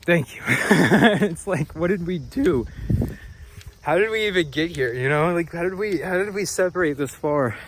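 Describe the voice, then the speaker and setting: A man speaking slowly and softly in a reflective spiritual vlog, recorded outdoors. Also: on the high side, animated, slight background noise. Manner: slow, soft, dreamy and reflective. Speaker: vlogger.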